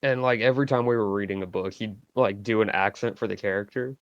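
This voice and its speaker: A teenage guy sitting in as a podcast guest, deadpan and matter-of-fact. His lowish voice comes through a dull, muffled mic with a dry, close sound. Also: fast, no echo. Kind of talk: casual podcast chat.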